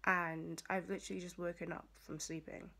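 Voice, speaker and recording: A young woman, a student, talking casually to the camera in a rambling vlog, with lots of fillers and a rough, hoarse voice. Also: fairly low pitch, flat delivery, fairly quick, pushed and bright. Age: young adult. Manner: chatty, rambling with many fillers. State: hoarse morning voice. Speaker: student vlogger.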